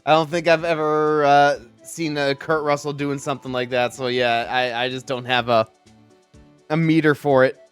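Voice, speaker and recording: A man's voice: mid-range voice, little pitch movement, moderate pace, clean tone, soft background music. A man streaming a video game, chatting casually with a rambling, joking manner. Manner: rambling, joking, frequent restarts. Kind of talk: casual gameplay commentary.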